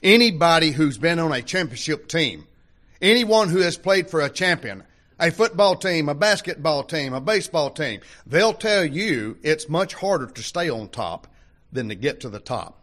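A man's voice: a little high, very animated, moderate pace, fairly bright tone. An older man preaching a sermon to a congregation in a folksy, conversational way, full of rhetorical questions. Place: church hall before a congregation.

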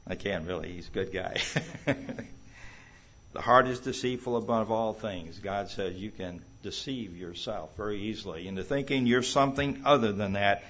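Man preaching a sermon in a church, gets loud and emphatic on the bible quotes, kinda dull lo-fi audio. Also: fairly low pitch, normal speed, gravelly. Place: church hall.

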